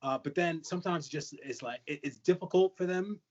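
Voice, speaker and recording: A man co-hosting a casual podcast, telling a rapid anecdote and acting out both sides of a conversation. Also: fairly high pitch, lo-fi sound. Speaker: podcast co-host, parent.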